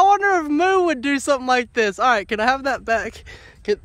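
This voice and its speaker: A man's voice: very high voice, big pitch swings, brisk, a bit bright, no echo. A man vlogging outdoors on his homestead, chatting with his animals and scolding and coaxing them by name. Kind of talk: casual vlog talking to farm animals. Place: outdoors on a farm.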